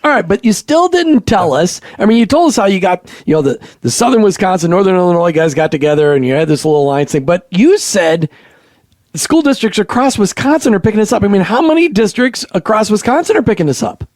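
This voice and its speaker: Joking host guy from minnesota, really high bouncy voice, dry close mic. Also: sing-song, brisk, a little mellow, no room sound. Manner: joking, playful. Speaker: radio show host. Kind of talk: casual interview chat.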